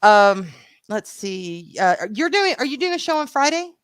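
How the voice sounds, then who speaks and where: A woman with a Southern US accent co-hosting a live show in casual, animated chat, swearing freely. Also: high voice, normal speed, smooth, no echo.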